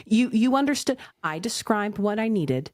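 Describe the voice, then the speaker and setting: A woman in her thirties co-hosting a casual podcast, telling parenting stories with lively acted-out moments. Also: medium pitch, normal speed, dry recording, clean studio sound. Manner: animated storytelling, acts out her own yelling. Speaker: podcast co-host. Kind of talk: casual chat.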